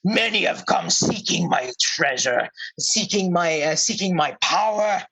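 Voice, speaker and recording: A man voicing a cursed bear prince, slow and suspicious. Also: high voice, lively intonation, creaky, bright, forceful tone, slightly rough, exaggerated voice, poor audio. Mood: skeptical.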